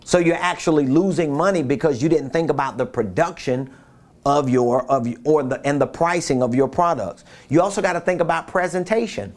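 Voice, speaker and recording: Man coaching in a slightly high voice. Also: fairly quick, a little mellow. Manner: conversational, repeats points, rhetorical questions. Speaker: business coach. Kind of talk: casual coaching talk.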